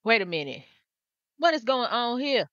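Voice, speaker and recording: A woman's voice: a little high, moderate pace, no echo, lo-fi sound. A woman giving casual, exasperated gameplay commentary straight to her viewers. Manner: animated, exasperated, talks to viewers.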